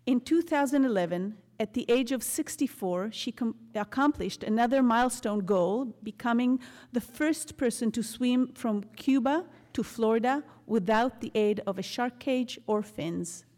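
A woman introduces the speakers at an event in a polished, formal tone, her voice sitting a little higher. A long hall reverb trails her words. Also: moderate pace, few pauses, darkish tone. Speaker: event announcer.

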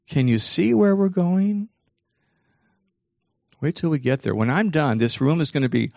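A man in his sixties giving an animated motivational talk to a live audience, teasing the crowd and acting out voices. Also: mid-range voice, moderate pace, gravelly, dry recording, studio quality.

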